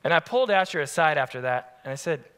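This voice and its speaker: A man preaching a sermon as pastor, telling family stories in an animated, lively way. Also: fairly high pitch, fast, clean tone. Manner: animated, acts out family scenes. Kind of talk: storytelling sermon. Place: church sanctuary. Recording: long church-hall reverb.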